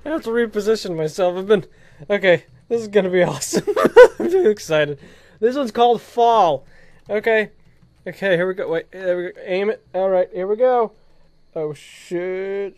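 A young man giving excited let's-play commentary, giggly and bursting into shrieks and laughter. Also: sits high, normal speed. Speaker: gaming video creator.

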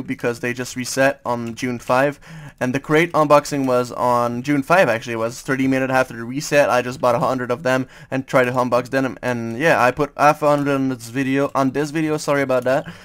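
A man's voice: mid-range voice, clear, resonant tone. A young man from France with a French accent, giving casual, hesitant gaming commentary full of fillers. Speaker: gaming YouTuber.

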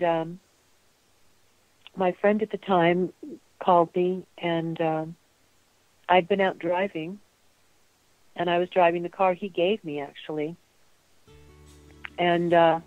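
A woman recalling personal memories in a soft, halting way, with many pauses, as an interview guest. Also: lowish voice, no room sound, highs cut off. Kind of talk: emotional personal recollection.

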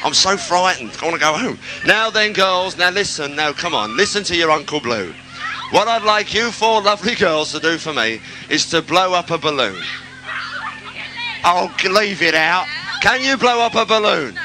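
On an outdoor stage in a town centre, a man with a higher-pitched voice hosts a live local radio outside broadcast, calling out to the crowd and teasing them with jokes. Music and background noise can be heard.

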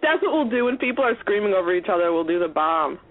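A woman caller on a call-in talk show, teasing and giggly, with a husky voice. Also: on the low side, very animated, fast. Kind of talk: casual call-in chat. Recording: tinny phone line.

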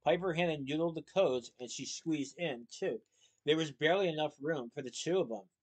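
A man reading a children's novel aloud in a plain, steady storytelling manner. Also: fairly high pitch, moderate pace. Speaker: reader.

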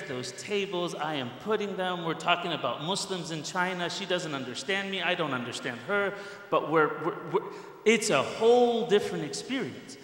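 A middle-aged man giving a Friday sermon, telling a personal story in an animated way and speaking straight to the congregation. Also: high voice. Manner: animated storyteller who addresses the congregation directly. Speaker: preacher. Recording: echoey hall with long reverb.

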